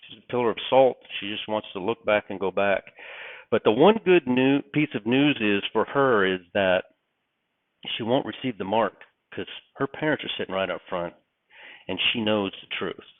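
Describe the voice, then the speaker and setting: A man's voice: lowish voice, moderate pace, dry recording. Middle-aged man preaching casually over a phone line. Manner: rambling, animated, with many fillers and restarts. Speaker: online religious commentator. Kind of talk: casual preaching talk to camera. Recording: tinny, phone-like, dry sound.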